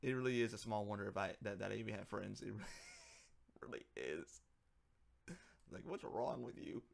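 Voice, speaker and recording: Gravelly man rambling on a livestream. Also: lowish voice, normal speed. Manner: rambling, joking, muttering to himself. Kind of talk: casual livestream chat while working.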